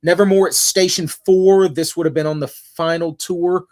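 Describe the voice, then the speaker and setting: A man's voice: fairly high pitch, steady tone, darkish tone, dry recording, studio quality. A man co-hosting a podcast, telling stories and reading out lists at an easy pace in casual chat. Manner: laid-back storyteller, reads lists slowly. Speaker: podcast co-host.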